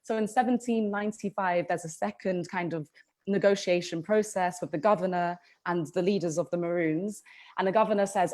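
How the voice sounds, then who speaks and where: A woman's voice: fairly low pitch, steady tone, fairly quick, a little mellow. A woman co-hosting a history podcast, telling the story in a casual, chatty way with frequent ums and restarts. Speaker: podcast co-host.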